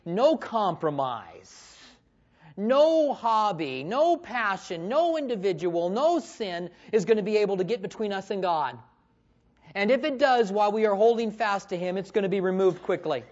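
A man preaching a sermon, telling stories with animated swings between loud bursts and hushed tones, on a dull lo-fi recording. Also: high voice. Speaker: pastor. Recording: dull lo-fi sound.

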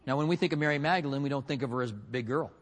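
A man preaching a sermon, telling a story with acted-out quotes and swinging between loud and hushed delivery. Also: mid-range voice, rapid-fire, big-room sound. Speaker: pastor.

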